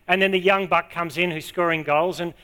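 A man preaching a sermon to a congregation, stressing key words and repeating them slowly. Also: high-pitched, fairly even intonation, bright, forceful tone, clear, resonant tone. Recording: long hall reverb.

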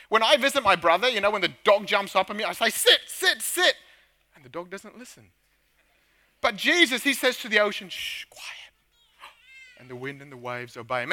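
A young man talks to a room of children with a high, ringing voice. He is playful and animated, and he keeps pulling the kids in to stand, stretch and shout along. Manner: playful, energetic, shouts call-and-response lines. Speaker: children's church leader. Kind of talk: animated kids' talk with audience participation. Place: church hall.

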